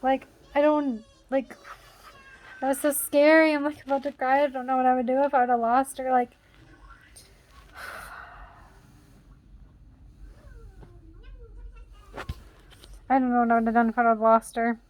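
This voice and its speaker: A woman's voice: sits high, flat delivery, quick pace. A young woman vlogger telling a story in a casual, rambling way, full of "like" fillers, still shaken and jittery.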